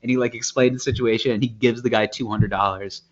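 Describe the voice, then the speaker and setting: A man's voice: mid-range voice, fairly even intonation, quick pace. A man co-hosting a podcast from home, telling a long story casually, full of "like" and acted-out quotes. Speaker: podcast co-host. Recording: dull lo-fi home recording.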